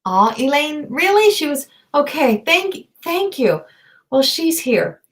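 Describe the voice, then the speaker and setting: A woman giving live intuitive readings as a medium, talking in a soft, searching way full of fillers and restarts, sometimes dropping to a near whisper. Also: sits high, sing-song, takes it slowly, rough recording. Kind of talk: live-streamed psychic reading.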